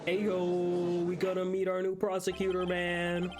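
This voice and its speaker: A woman's voice: on the low side, monotone, measured pace. A woman streamer giving laid-back commentary while playing a game. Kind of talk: casual game playthrough commentary. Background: game music.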